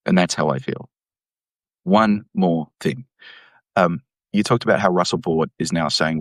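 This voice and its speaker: A low-voiced man speaks as an economics professor in an interview, laying out his case with emphatic, animated energy. The sound is dry and close, with no room around it. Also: a little slow, pauses often, no room sound. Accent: Australian. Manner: animated, emphatic, mimics voices when quoting. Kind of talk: explanatory interview talk.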